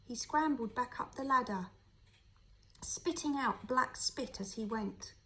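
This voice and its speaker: A woman, a teacher, reading a children's novel aloud in a steady, clear storytelling voice. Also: a little high, unhurried, low-quality recording.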